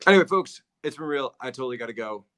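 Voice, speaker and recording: A man's voice: medium pitch, lively intonation, fast, noisy background. A man from Philadelphia hosting a casual livestream, answering his chat, laughing often and repeating himself. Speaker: livestream host.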